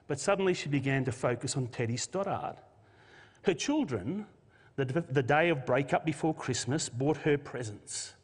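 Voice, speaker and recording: Pastor, male, earnest emotional sermon delivery in a reverberant hall. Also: fairly high pitch. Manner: earnest, emotional, with restarts and shifting emphasis. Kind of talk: Christmas sermon with a read story.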